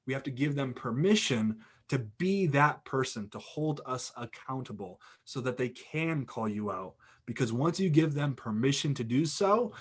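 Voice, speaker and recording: Young guy, podcast guest, rambling animated storyteller who keeps saying "like" and restarting sentences. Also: medium pitch, husky. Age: young adult. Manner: animated anecdote with lots of "like" and restarts. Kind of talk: casual storytelling.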